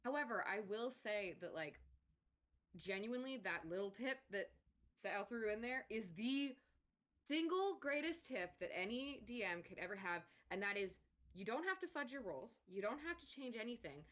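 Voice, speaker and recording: A woman's voice: on the high side, lively intonation, normal speed, fairly bright tone. A woman co-hosting a casual livestream chat, frank and emphatic. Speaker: co-host and moderator.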